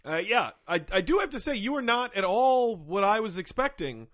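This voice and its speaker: A man's voice: sits high, sing-song, moderate pace, fairly bright tone. A man interviewing a guest in an improvised comedy sketch, hesitant and bemused, with many fillers and restarts.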